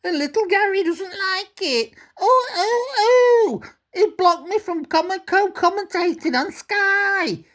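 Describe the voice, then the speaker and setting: Quick bit: woman doing a whiny, weepy male pundit impression, squeaky and sobbing, pitch leaping all over. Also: animated, a bit bright, heavily acted. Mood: whining. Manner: high, sobbing, mocking whine. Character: whining, self-pitying male pundit crybaby.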